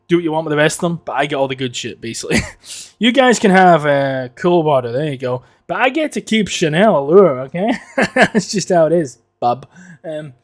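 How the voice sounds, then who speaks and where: A man from the United Kingdom hosting a solo podcast, rambling and swearing as he jokes and rants. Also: on the high side. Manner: rambling, profane, joking ranting. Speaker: podcast host. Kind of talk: casual solo podcast monologue.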